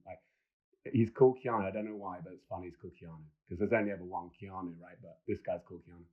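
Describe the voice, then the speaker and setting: This middle-aged film director races along in a fairly low voice, telling excited, meandering stories on a podcast and restarting frequently. The casual chat comes through with a muffled, lo-fi sound.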